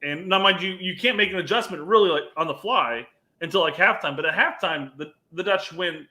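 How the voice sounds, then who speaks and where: A man's voice: high voice, a little fast, pushed and bright. A man co-hosting a podcast, rambling through a casual sports chat with lots of hesitation. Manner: rambling, hesitant, many fillers and restarts. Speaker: podcast co-host.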